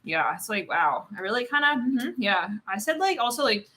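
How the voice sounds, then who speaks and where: A woman's voice: fairly high pitch, very animated, normal speed, sharp tone, slight background noise. A woman giving a casual live tarot reading, rambling with many fillers, swearing and laughing often. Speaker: tarot card reader.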